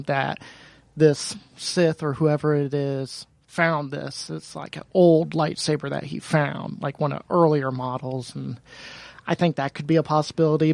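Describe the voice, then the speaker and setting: A man's voice: fairly high pitch, creaky, no room sound. A man appearing as a podcast guest, explaining his views thoughtfully with small hesitations. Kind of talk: casual podcast chat.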